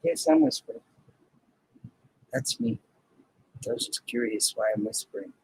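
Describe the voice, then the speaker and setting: A man's voice: medium pitch, huge pitch swings, normal speed, a little mellow, breathy edge, dry recording, low-quality recording. A man hosting a casual live stream, chatting playfully with viewers, greeting them by name and laughing often.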